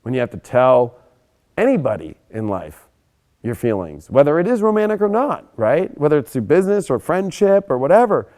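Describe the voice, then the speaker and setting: A young adult man giving a casual, animated astrology monologue, emphatic and often swearing. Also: a little high, moderate pace. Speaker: astrology presenter.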